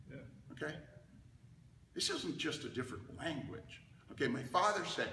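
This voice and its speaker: An older man telling a lively story from his childhood to an audience, often checking in with "okay?". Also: mid-range voice, normal speed, a little hiss or hum. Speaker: speaker giving a talk. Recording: roomy hall, mic at a distance.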